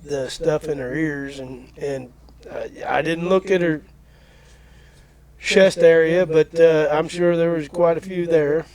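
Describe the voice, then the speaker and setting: Male podcast host, slightly high voice, loose and folksy, tells rambling tales. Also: fairly even intonation, takes it slowly, a little mellow, no echo. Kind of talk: casual chat, anecdote telling.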